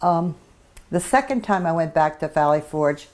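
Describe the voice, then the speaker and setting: An elderly woman veteran in an oral history interview, her voice sitting a little low. She speaks reflectively and haltingly, restarting her sentences as she recalls. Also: lively intonation, a little mellow. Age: 80s.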